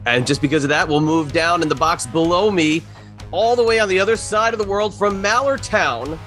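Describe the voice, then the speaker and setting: A man's voice: high voice, fairly quick, fairly bright tone, soft background music. A man hosting a comedy podcast, introducing his co-hosts in a hyped, announcer-like way. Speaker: podcast host.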